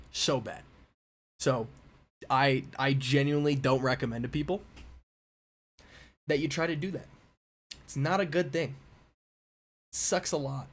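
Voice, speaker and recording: A young man in his twenties, slightly nasal and stuffy from a cold, chatting casually and a little distractedly while hosting a live stream. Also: on the high side. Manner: rambling, distracted while fixing stream settings. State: stuffy nose after a cold. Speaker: livestream host. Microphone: mic in view at a desk.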